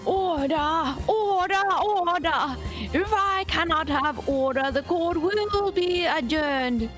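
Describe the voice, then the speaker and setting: A woman co-streaming a game, reading character lines aloud slowly and deliberately. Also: very high-pitched, expressive, over music. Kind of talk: live-stream game playthrough with voiced lines.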